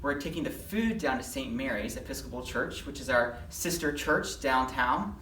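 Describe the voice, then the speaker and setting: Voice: mid-range voice, normal speed, slight background noise. Storyteller in an echoey room, heard from afar. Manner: lively, acts out the story's voices. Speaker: children's Bible lesson leader. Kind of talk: storytelling to children. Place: church. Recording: echoey room, mic at a distance.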